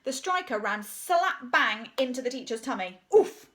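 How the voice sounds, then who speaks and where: A woman's voice: a little high, animated, moderate pace, bright, forceful tone. A woman reading a children's story aloud, playful, adding spoken sound effects and asides.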